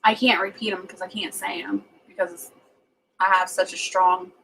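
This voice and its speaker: This is a woman with a Southern US accent talking casually to her viewers on a livestream. She rambles easily from comment to comment at an ordinary pitch. A faint hum of background noise sits under her voice. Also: steady tone, moderate pace, a bit bright, poor audio. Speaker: livestream host chatting with viewers. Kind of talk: casual live chat reading comments.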